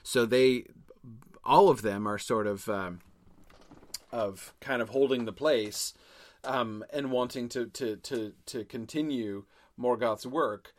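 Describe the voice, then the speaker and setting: A man's voice: mid-range voice, takes it slowly, dry recording. A man co-hosting a casual discussion, thinking aloud in long rambling runs full of fillers and restarts. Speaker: podcast co-host.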